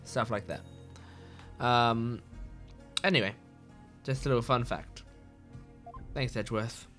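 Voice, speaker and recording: A young man talks casually over a video game he is playing, rambling and circling back with lots of "like"s. His voice is bright and forward at an ordinary pitch. Soft game music runs faintly underneath. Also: slow pace. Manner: chatty, rambling, many "like"s. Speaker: let's play host. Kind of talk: casual game commentary and reading dialogue aloud.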